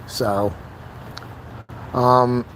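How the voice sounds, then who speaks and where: A man's voice: mid-range voice, steady tone, drawn-out words, fairly bright tone, a little hiss or hum. A middle-aged man venting in a rambling, frustrated casual monologue on a live stream.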